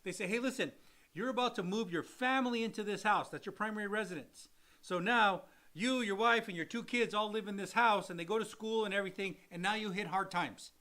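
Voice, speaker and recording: A man in a casual live Q&A, explaining loans with a high, bright voice. He acts out little examples and repeats phrases for emphasis. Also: brisk. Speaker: mortgage loan officer co-hosting a live show.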